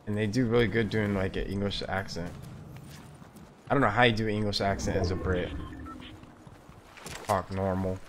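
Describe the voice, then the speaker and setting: A man's voice: on the low side, steady tone, moderate pace, long pauses, background noise. A man chatting casually with friends while streaming a game, laid-back and trash-talking between rounds. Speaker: gaming streamer. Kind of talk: casual gameplay chat with friends.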